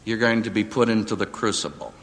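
A man preaching a sermon to a live audience, with dramatic emphasis that rises to near-shouts on quotes. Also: lowish voice, fairly quick. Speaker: preacher and seminary professor. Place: auditorium before a live audience. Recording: hall reverb, radio broadcast.

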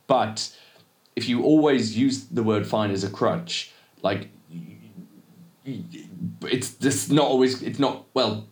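A man's voice: mid-range voice, takes it slowly, darkish tone, echoey room. A man co-hosting a podcast in casual chat, rambling and cutting himself off often. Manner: rambling, self-interrupting, laughs often. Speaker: podcast co-host.

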